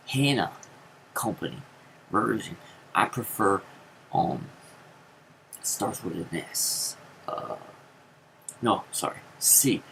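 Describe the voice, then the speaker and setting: Gravelly man telling a rambling story. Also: fairly bright tone, a little hiss or hum, low-quality recording. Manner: rambling, many fillers, jumps into high acted quotes. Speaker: vlogger.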